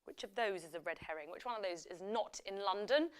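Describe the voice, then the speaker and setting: A woman's voice: mid-range voice, fairly quick, clean tone. Chatty woman hosting a live quiz. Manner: chatty, upbeat, ad-libbing with frequent fillers and self-corrections. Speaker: quiz host.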